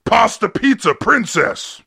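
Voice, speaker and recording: Man doing Big Bad Billy, gravelly rude bully. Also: sits high, very animated, slow, sharp tone, exaggerated voice. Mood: pushy. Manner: insulting, taunting, pushy. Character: rude, mean-spirited adult bully guy. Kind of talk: comedy podcast sketch.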